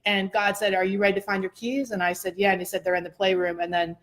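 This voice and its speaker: Telling a personal story in a casual conversation, a female host is animated and expressive and laughs often. She talks fast in a mid-range voice.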